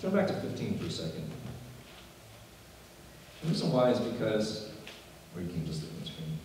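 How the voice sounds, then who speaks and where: A man's voice: lowish voice, wildly swooping pitch, normal speed, darkish tone, slight background noise. A man, a pastor, preaching a sermon in a conversational way, with joking asides to his congregation. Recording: echoey hall from far off.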